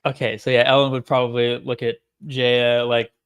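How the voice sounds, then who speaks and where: A man plays in a casual tabletop session, pausing and thinking aloud about what his character would do. His voice has an ordinary middle pitch. He speaks loosely, with fillers and restarts. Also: little pitch movement, clear, resonant tone. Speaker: player.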